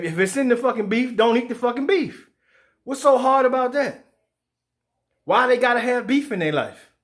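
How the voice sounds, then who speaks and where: A fired-up man rants about boxing, swearing freely. His voice sits high for a man. He keeps slipping into mocking put-on voices for the people he quotes. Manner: profane, animated, acts out quoted voices. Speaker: sports show host. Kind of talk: heated boxing commentary rant.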